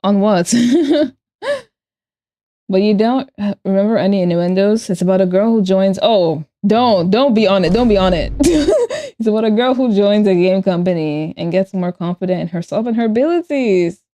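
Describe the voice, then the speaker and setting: A young woman's warm, medium-pitched voice comes through at a moderate pace in a studio-quality recording free of room sound. She draws during a casual live stream, addressing her chat playfully and frequently giggling.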